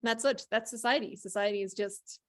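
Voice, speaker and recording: Female podcast host, firm and convinced, middle pitch. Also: steady tone, a little fast, fairly bright tone. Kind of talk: casual chat.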